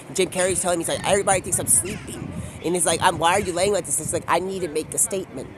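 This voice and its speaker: A man's voice: high-pitched, quick pace, background noise. A man telling a rambling, drifting story, often quoting people in put-on voices. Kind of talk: rambling stream-of-consciousness storytelling. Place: outdoors by a street.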